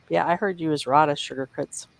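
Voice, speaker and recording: A deep, gravelly-voiced woman from the Midwestern United States co-hosts a casual livestream chat, captured in a low-quality recording. Her talk is gossipy and teasing, broken up by chuckles.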